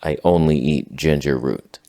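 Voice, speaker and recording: A man delivering a deadpan satirical monologue in a mock-earnest, sarcastic tone. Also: a bass voice, a little slow. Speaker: satirical commentator.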